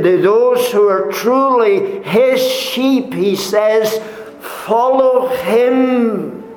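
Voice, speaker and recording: High-voiced man preaching slowly. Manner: deliberate, repeats rhetorical questions to the congregation. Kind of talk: sermon. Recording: echoey room.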